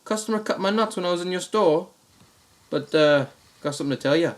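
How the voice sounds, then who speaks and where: A brash young prank caller , put on by a man telling the story, with a fake Australian accent, pitched well above the teller's usual voice. He sounds crude and cheeky with a mock-innocent edge. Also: a little fast, lightly acted. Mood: insistent. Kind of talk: comic storytelling with quoted voices.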